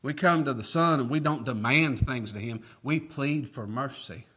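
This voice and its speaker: A man's voice: mid-range voice, moderate pace, a bit bright, husky. A man preaching a sermon, reading scripture aloud and asking folksy rhetorical questions with emphatic rises.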